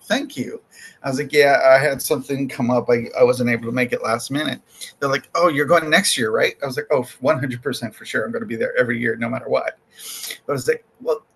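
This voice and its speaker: A man's voice: mid-range voice, gravelly, breathy edge. A man guesting on a podcast, chatting casually and acting out conversations as he tells stories, laughing often. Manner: animated storyteller who acts out quoted exchanges, laughing often. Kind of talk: casual chat.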